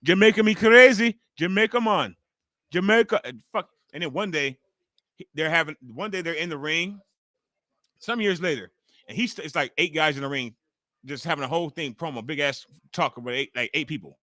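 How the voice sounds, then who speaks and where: A middle-aged male stream host with a sharp, forceful tone, chatting loosely with his viewers and swearing freely. His voice sits a little high for a man. It sounds close and dry, with no room echo. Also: fairly quick. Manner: loose, profane, talks straight to the chat. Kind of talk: casual watch-along chat with viewers.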